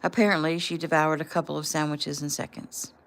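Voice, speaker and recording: A woman's voice: sits low, level tone, a little fast. A woman reading the part of a middle-aged father passing on good news to his family. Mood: reassuring.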